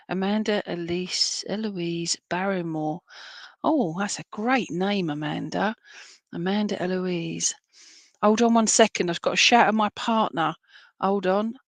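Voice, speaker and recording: A woman with an English accent giving clairvoyant readings at an online spiritualist service, chatty and halting, with many fillers and restarts, speaking from home. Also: lowish voice, gravelly, no room sound. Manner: laughs easily between readings. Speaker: spiritualist medium. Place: at home, indoors.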